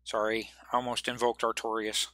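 Bright-voiced man running a tabletop game. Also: lowish voice, level tone, no room sound. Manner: halting, many fillers and restarts. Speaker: game master.

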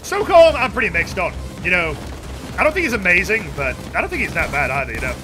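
A young man giving goofy, excitable commentary while streaming a game, with sudden yells. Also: high voice, fast. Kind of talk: casual gaming commentary. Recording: game music playing behind.

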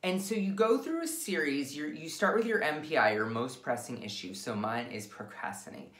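A woman's voice: low-pitched, lively intonation, moderate pace. A woman casually demonstrating a tapping technique, candid and self-deprecating, swearing freely as she talks herself through the script. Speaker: wellness instructor. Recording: echoey room.

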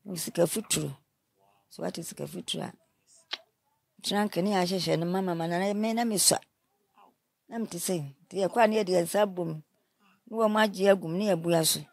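A woman in her nineties from Ghana, telling her life story in an interview and giving advice with lively quoted speech. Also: lowish voice, brisk, creaky, pauses often, no room sound. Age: 90s. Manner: animated, advising, acts out quoted speech.

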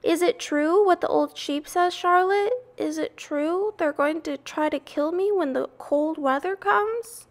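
A woman voicing a frightened young male pig in a storybook read-aloud, crying out in high, loud, drawn-out pleas. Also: sing-song, heavily acted. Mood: panicked.

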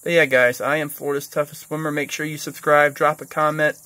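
A man's voice: on the high side, level tone, a little fast, sharp tone, no room sound. A middle-aged man vlogging at the beach, ranting in an irritated, complaining way and repeating his grievances. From USA. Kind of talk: ranting vlog.

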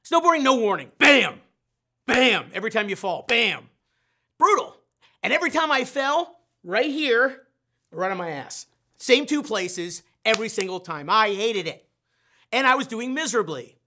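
Bright-voiced, animated middle-aged man. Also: sits high, moderate pace. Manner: animated, self-mocking storyteller who questions the audience directly. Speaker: sales trainer. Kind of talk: storytelling in a live online training session.

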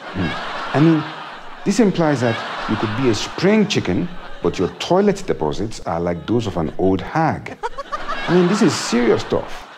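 A man's voice: mid-range voice, huge pitch swings, a little slow, background noise. A man doing a comic monologue in a wry, self-mocking way, often chuckling. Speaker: comedian.

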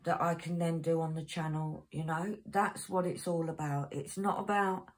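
A woman with a low, steady voice hosts a crafting channel, rambling and chatting at a moderate pace while reading out codes as she works. Loud packet crinkling sounds behind her, and the recording quality is poor.

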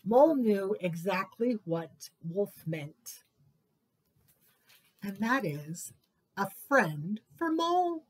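A woman librarian reading picture books aloud to children at story time, expressive and sing-song. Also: mid-range voice, extremely slow, long pauses, husky.

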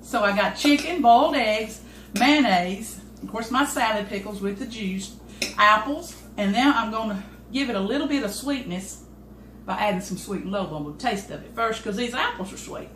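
Expressive and a touch bright, an older woman's mid-range voice comes at a normal pace with slight background noise. She runs a home cooking channel, chatting in a folksy way with her cameraman as she demonstrates a dish in an echoey kitchen full of clattering dishes.

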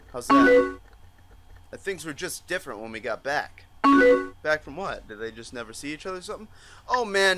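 Animated young man playing a chat game. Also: a little high, heavy background noise. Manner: animated, swearing, laughing, reading lines in mock voices. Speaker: gaming YouTuber. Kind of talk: let's play commentary, reading chat aloud.

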